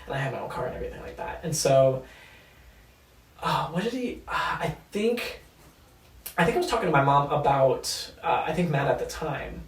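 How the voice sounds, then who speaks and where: A man's voice: fairly high pitch, moderate pace. Young guy telling his story, loose and candid, lots of swearing, echoey room, mic kinda far off. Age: young adult. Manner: candid, animated, swears freely. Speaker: guest. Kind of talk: casual storytelling interview.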